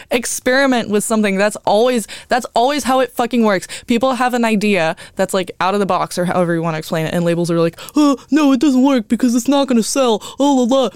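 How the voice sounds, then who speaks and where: Young female radio host, casual rambling monologue, frequent laughs, smooth clear voice. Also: medium pitch, dry recording, clean studio sound. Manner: chatty, rambling, swears freely, laughs often.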